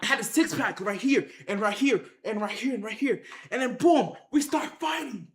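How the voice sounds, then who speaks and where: A speaker telling a wild story to viewers in casual slang, acting out fights with shouted sound effects and repeated phrases. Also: medium pitch, normal speed, reverberant. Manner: excited, acts out the action with sound effects and shouts. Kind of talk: animated tall-tale storytelling to viewers.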